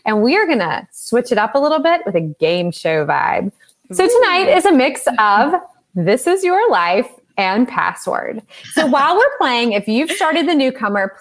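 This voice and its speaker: A woman's voice: on the high side, very animated, a little slow. A bubbly woman hosting a book launch party, laughing often. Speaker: host. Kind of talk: casual chat.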